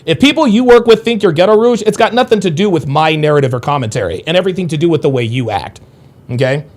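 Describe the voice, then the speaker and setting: A man with a fairly high, very lively voice hosts a live stream, reading viewer shout-outs and comments aloud. His pitch swings widely, and he turns blunt and heavily profane when he pushes back on critics. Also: fast talker. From United States. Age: adult. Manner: profane, combative when angered.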